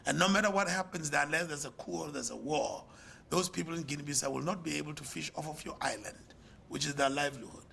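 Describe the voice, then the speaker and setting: Gravelly older South African man lecturing. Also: fast, pushed and bright, slight background noise. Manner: rhetorical, emphatic, swings in pitch and volume. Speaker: conference speaker, pastor. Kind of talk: lecture with preacher's cadence. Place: lecture hall.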